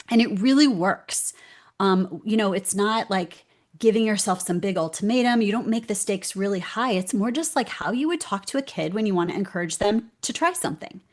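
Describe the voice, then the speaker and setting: A woman speaking as an interview guest, telling stories in an earnest, animated way. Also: medium pitch. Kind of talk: conversational interview.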